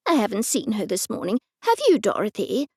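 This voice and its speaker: A woman's voice: medium pitch, sing-song, a little fast, darkish tone, husky, no echo, studio quality. A woman voicing a bossy, fussing older aunt in an audiobook.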